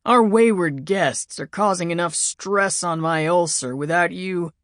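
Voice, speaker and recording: A woman narrator voicing a surly, gruff middle-aged male spy chief who talks in curt grumbles. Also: lowish voice, unhurried, no echo, clean studio sound, natural voice.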